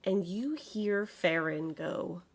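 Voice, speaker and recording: Animated woman game master. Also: lowish voice, slow, vocal fry. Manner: casual, animated narration. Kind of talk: narrating a tabletop game.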